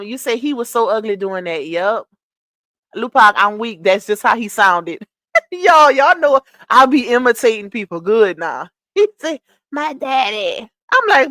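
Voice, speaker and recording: A woman's voice: on the high side, a bit bright, dry recording. A woman hosting a live stream, chatting and giving gossip commentary while greeting her viewers by name.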